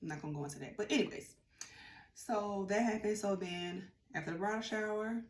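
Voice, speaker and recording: A woman's voice: medium pitch, a little fast. Chatty woman telling a story. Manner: chatty, animated, acts out quotes. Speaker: vlogger. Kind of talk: casual storytime. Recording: roomy room with faint ambience.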